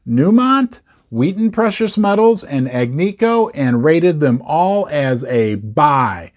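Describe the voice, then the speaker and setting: Animated middle-aged male market host. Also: fairly high pitch. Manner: animated, emphatic, repeats words for stress. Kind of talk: casual market commentary.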